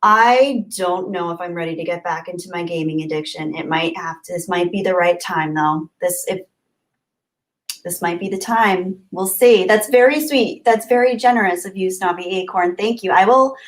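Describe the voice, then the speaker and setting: A woman's voice: lowish voice, moderate pace. Chatty woman hosting a livestream. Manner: warm, gushing, chatty with frequent laughs. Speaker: livestream host. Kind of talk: casual livestream chat reading.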